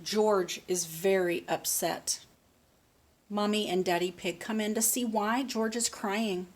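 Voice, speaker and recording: A woman reading a picture book aloud slowly and patiently, stopping to ask a child questions. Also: mid-range voice, fairly even intonation. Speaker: speech therapist.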